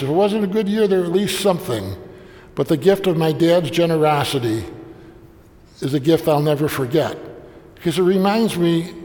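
A man's voice: on the high side, a little mellow, big-room sound. An older man telling a family story in a sermon, folksy and anecdotal, slipping briefly into the voices of the people in it. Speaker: preacher.

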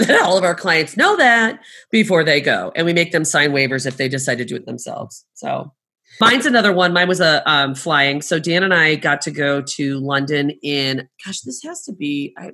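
Her voice is deep and husky: a middle-aged travel agent telling stories in easy conversation. She gets animated, laughing a lot as she plays out people's words.

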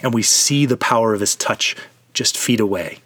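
A man's voice: fairly low pitch, moderate pace, a bit bright, no room sound. A man, a preacher, leading listeners through a vivid, immersive devotional retelling of a story.

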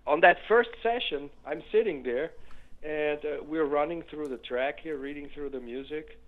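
An older man, a music producer and keyboardist, telling stories in a casual interview, rambling with restarts and growing animated. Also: on the high side, moderate pace, narrow, tinny audio.

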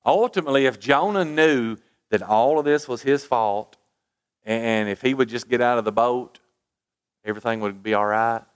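A man's voice: mid-range voice, moderate pace, clean tone. A man preaching a sermon, reading scripture aloud with emphasis and putting rhetorical questions to his listeners. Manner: reads scripture aloud with rising emphasis, then drops to quiet asides; asks the congregation rhetorical questions.

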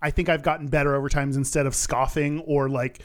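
A man's voice: a little high, little pitch movement, brisk. A man co-hosting a podcast in casual chat, earnest and loose, swearing offhandedly. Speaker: podcast co-host.

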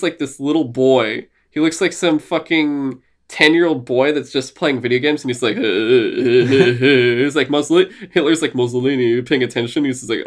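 A young man co-hosting a podcast in casual chat, excited and swearing often, laughing and putting on silly voices. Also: mid-range voice. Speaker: podcast co-host.

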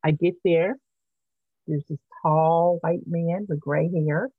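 A woman guest in a podcast interview, telling a lively story and acting out the voices of the people in it. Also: on the low side, slow pace, breathy edge, no room sound. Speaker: guest, artist and activist. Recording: thin, phone-like sound.

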